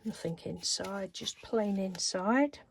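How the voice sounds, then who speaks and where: A woman's voice: medium pitch, slow, slight background noise. A woman chatting casually through a craft show-and-tell, rambling and laughing now and then. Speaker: craft vlogger.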